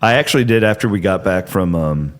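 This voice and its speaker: A man's voice: deep voice, lively intonation, a little fast. A middle-aged man hosting a podcast, telling stories in a rambling way, full of fillers and restarts. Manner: rambling, filler-heavy, self-interrupting. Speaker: podcast host. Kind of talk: casual chat and storytelling.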